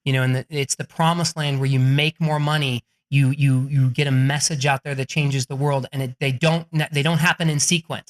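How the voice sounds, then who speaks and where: A man talking as a podcast guest, animated and energetic, swearing freely and laughing as he talks. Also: medium pitch, normal speed, few pauses. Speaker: podcast guest, book coach. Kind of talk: energetic, profane interview talk.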